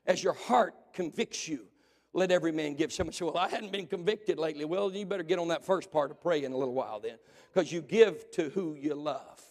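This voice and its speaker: Man, pastor, sermon, high pitched, shouted emphasis, long hall reverb. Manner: preaching with shouted emphasis and dramatic pauses. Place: church sanctuary.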